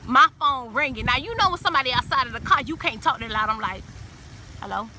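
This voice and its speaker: Lively woman telling a storytime, high bright voice, faint noise behind. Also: quick pace. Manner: animated, acts out friends' quoted lines. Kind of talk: casual storytime vlog.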